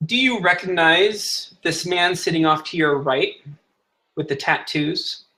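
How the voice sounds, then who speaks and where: A man playing a stern, commanding noblewoman in a tabletop game, in a measured voice. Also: fairly high pitch, pushed and bright, rough recording.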